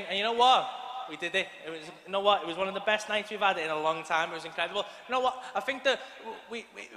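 English male stand-up in his 30s, high voice, rambling and sweary, live arena sound with long reverb. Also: pushed and bright, a little hiss or hum. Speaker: stand-up comedian. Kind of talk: stand-up storytelling. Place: large arena stage. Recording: echoey arena, live audience.

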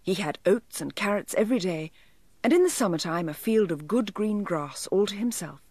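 Gentle woman reading a children's story. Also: mid-range voice, expressive, normal speed, slightly rough, dry recording.

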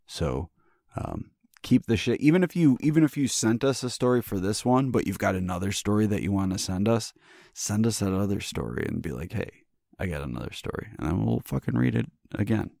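Male podcast co-host, deep and dry-sounding, loose profane banter full of false starts. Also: animated, creaky, darkish tone, dry recording. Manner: joking, profane, halting restarts. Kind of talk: casual chat.

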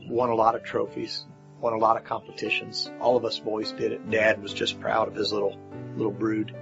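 A man's voice: on the low side, monotone, brisk, creaky. A middle-aged man giving a personal testimony, telling his story plainly with fillers and repeated words. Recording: slightly dull lo-fi audio with faint music.

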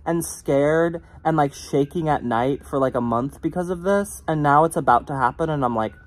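A man's voice: a little high, normal speed. A young man talks straight into the phone he holds close, vlogging from a rental apartment. His delivery rambles and doubles back. Nerves and self-deprecating humor run through it. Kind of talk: casual late-night vlog to camera. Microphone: phone held close.

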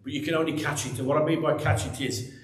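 A man's voice: on the high side, steady tone, fast talker. A man preaching a sermon to a church congregation, emphatic and conversational, with many repeated phrases. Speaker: pastor. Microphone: microphone. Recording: echoey church room.

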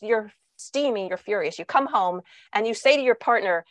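A woman who writes on parenting answers interview questions over a video call, lively, and she acts out the voices she quotes. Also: mid-range voice, a little fast, dry recording. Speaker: parenting author and guest speaker.

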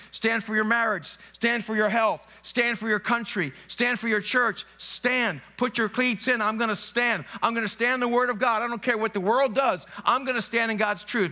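A man's voice: high-pitched, pushed and bright. A male pastor preaching an emphatic sermon in a church, repeating phrases and slipping into spoken prayers. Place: church sanctuary.

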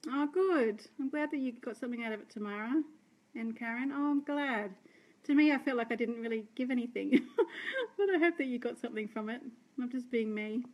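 An Australian woman, a sales director, chatting and rambling warmly to her team on a live stream. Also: fairly high pitch, a little fast. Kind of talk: live-stream talk to viewers.

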